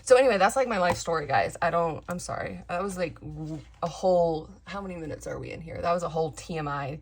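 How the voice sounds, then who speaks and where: Low, gravelly-voiced woman chatting candidly. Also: fast talker, a little hiss or hum. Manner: rambling, candid, many fillers and restarts. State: slightly crackly, dry voice. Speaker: craft vlogger. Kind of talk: casual chat while crafting.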